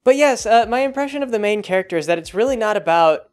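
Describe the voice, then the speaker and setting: A man's voice: high voice, expressive, quick pace, a little mellow, clear, resonant tone, soft background music. A young man chatting casually as a blog host, rambling and hesitant, with many fillers and restarts. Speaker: blog host reviewing a show. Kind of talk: casual chat.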